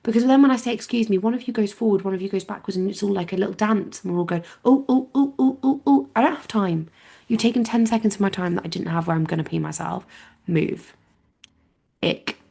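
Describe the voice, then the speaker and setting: A woman's voice: mid-range voice, fast, gravelly, slightly rough. Exasperated young woman ranting. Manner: exasperated, swears often, animated ranting. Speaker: podcast host. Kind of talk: solo podcast rant.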